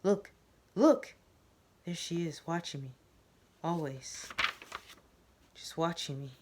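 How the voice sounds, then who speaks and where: A storyteller voicing an agitated, paranoid man who is a psychiatric patient, shouting and jumping up in pitch. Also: fairly even intonation, slow. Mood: frantic. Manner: shouting, jumpy, pitch flying high. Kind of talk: reading a story aloud.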